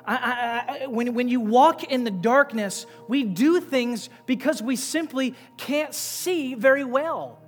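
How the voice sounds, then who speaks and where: A male pastor preaching a sermon, swinging between loud, emphatic passages and quiet, low asides. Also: takes it slowly, hardly any pauses. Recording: long reverb with faint music behind.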